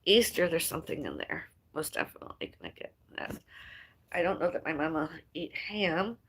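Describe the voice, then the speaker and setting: A woman's voice: sits low, big pitch swings, moderate pace, a bit bright, a little hiss or hum. A woman chatting casually on a livestream. She rambles and muses aloud, trails off mid-thought, and sighs between ideas.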